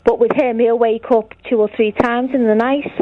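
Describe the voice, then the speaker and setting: A woman's voice: on the high side, fairly even intonation, normal speed. Chatty woman caller on a dull line. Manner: chatty, recounts conversations. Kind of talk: phone-in chat.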